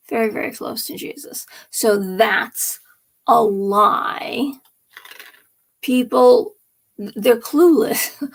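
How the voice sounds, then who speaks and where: A woman's voice: a little high, gravelly. A woman hosting a late-night live stream, talking through politics and faith in a rambling, emphatic monologue that often drops to a whisper.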